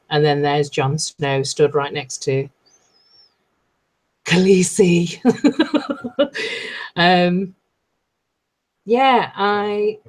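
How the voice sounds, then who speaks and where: Low-pitched woman, chatty panelist on a video call, laughs a lot. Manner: chatty, laughs often, acts out quotes. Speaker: guest panelist. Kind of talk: casual live video-call discussion.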